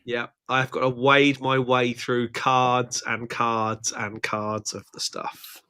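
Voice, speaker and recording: A man's voice: mid-range voice, level tone, slow pace, sharp tone, clear, resonant tone. A British man hosting a live chat show, playful and teasing, laughing often and a little short on sleep. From Britain. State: tired from lack of sleep. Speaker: show host. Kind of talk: casual live-stream chat.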